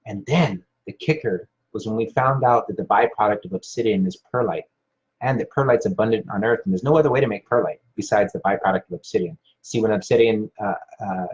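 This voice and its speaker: A man's voice: lowish voice, fast talker. A man hosting a live stream, casually rambling with many fillers and restarts while reading viewer comments. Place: Hawaii. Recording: dull lo-fi sound.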